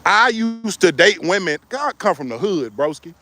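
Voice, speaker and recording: A man's voice: high-pitched, expressive, moderate pace, bright, forceful tone. A middle-aged man giving relationship advice in a joking, preachy way. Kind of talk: casual advice monologue.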